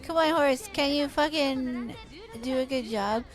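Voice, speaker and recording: A woman chats casually on a live stream, her voice pitched high. She teases and coos at the horses in her game and swears at them now and then. Faint music plays underneath. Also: measured pace. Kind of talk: casual live-stream chat while gaming.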